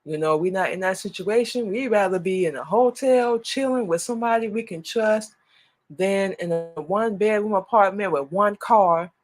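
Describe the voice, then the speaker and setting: A woman's voice: medium pitch, normal speed, darkish tone. Earnest woman hosting a casual talk show. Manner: earnest, repeats herself, calls herself "we". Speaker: radio show host.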